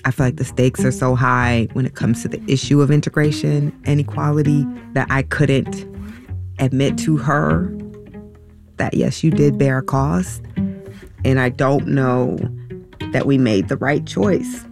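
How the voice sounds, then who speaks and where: A middle-aged woman telling a painful personal story in a halting, emotional way, with many restarts and fillers. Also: very deep voice, creaky, music in the background. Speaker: interview guest.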